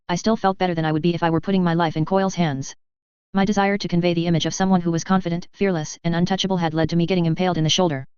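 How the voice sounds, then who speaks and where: A woman narrating a first-person audiobook in a steady, measured reading. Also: fairly low pitch, clear, resonant tone, dry recording. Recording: slightly dull recording.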